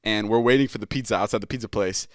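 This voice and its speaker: A man's voice: fairly low pitch, rapid-fire, dry recording, clean studio sound. Rambling, swearing young man telling a story. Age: 20s. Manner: rambling, heavy swearing, many fillers. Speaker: podcast host. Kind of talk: casual storytelling.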